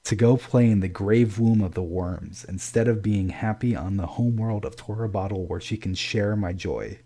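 A man's voice: on the low side, moderate pace, warm tone. A man voicing a drunken raging emperor. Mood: furious. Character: boisterous drunken old male emperor, volatile.

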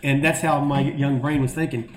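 A middle-aged man telling a long story in a casual, animated way and acting out the voices of the people in it. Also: mid-range voice, moderate pace, roomy sound. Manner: animated, acts out quoted voices. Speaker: guest telling stories.

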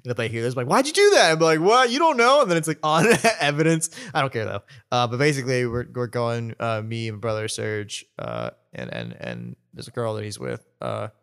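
A man's voice: medium pitch, brisk, vocal fry, hardly any pauses, a bit bright, smooth. A man co-hosting a podcast in casual, loose chat, swearing freely and laughing often. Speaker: podcast co-host.

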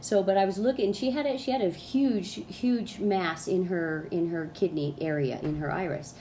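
Woman guest, mellow tone, rambling animated storyteller who acts out her quotes. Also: lowish voice, moderate pace, slight background noise. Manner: rambling, with many restarts and fillers. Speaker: guest, colon hydrotherapist. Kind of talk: casual storytelling in an interview.

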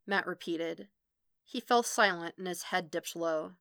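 A woman narrating a fan fiction audiobook with expressive reading that quickens in the tense passages. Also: on the low side, creaky, clean tone, no echo, clean studio sound. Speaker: podfic reader.

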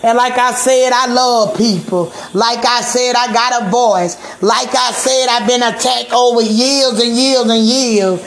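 A woman from Georgia in the United States ranting in a monologue to camera. She rambles and repeats herself, swears often, trips over filler words and breaks into shouting. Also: on the high side, a little slow, hardly any pauses. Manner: rambling, repetitive, profane, stumbles over fillers. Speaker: vlogger.

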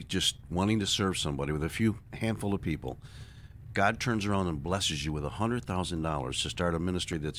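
A man's voice: sits low, slight background noise. A man hosting a radio interview, asking questions and affirming his guest in a conversational way. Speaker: radio show host.

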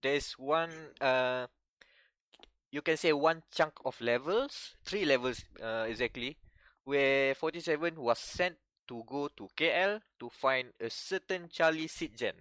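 A man's voice: medium pitch, unhurried, fairly bright tone, no echo. A man from Malaysia co-hosting a gaming podcast in casual chat, rambling and hesitant with frequent laughs. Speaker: podcast co-host.

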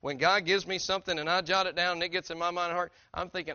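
A man's voice: high-pitched, steady tone, quick pace, hardly any pauses, bright, forceful tone, no echo, lo-fi sound. A middle-aged man, preaching a sermon as a pastor in a conversational, earnest way that keeps asking his congregation direct questions. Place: church sanctuary.

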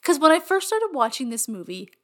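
A woman's voice: high voice, very animated, fairly quick. A woman co-hosting a podcast in casual chat, laughing often, swearing and saying "like" a lot. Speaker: podcast co-host.

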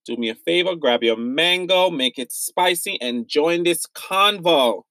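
A man's voice: on the high side, expressive, measured pace, sharp tone, no room sound. A young man from the United States hosting a solo podcast, speaking with raw pain and anger, repeating himself as he vents. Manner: emotional, repetitive, pained and angry. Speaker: podcast host.

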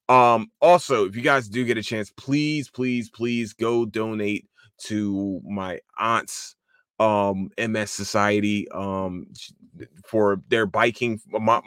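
A man with a fairly low voice talks on his own podcast in a loose, casual way. He swears freely and gets excitable, with lots of restarts and fillers. His voice sounds dry and close to the mic. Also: no room sound. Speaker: podcast host. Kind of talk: casual solo podcast talk.

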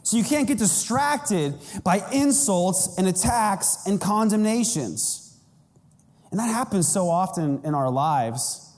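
A man preaching a sermon as pastor, animated and self-mocking, with big jumps in pitch. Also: long reverb tail. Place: church sanctuary.

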